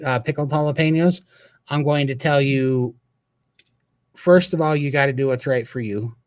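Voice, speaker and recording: An earnest, emphatic man from Montana hosts a live Q&A and talks like he is telling a story. His voice sits at a middle pitch, and the sound is dry and close. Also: normal speed, long pauses, no room sound. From Montana, USA. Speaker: host. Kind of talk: live Q&A chat.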